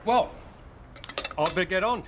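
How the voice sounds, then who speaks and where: An actor playing a proud, hardworking middle-aged husband who talks in a plain, determined way. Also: male voice, on the high side, sing-song, normal speed, background noise. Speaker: husband building a house extension.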